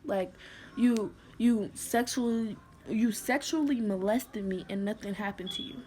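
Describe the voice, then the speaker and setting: Young woman halting through a storytime. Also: medium pitch, darkish tone, a little hiss or hum. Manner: halting, full of "like" fillers and restarts; somber, emotional retelling. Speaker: vlogger. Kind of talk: storytime vlog.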